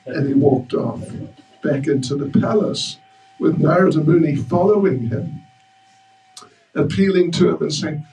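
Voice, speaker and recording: A man's voice: on the high side, a little slow, pauses often, warm tone. A man giving a storytelling religious class in a temple hall, joking with the audience. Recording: roomy hall, mic far off.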